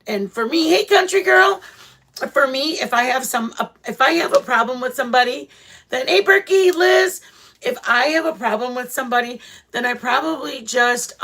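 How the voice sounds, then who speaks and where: Woman hosting a livestream, blunt, rambling, lots of fillers, high voice, casual chat. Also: bright, forceful tone. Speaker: channel host chatting with live viewers.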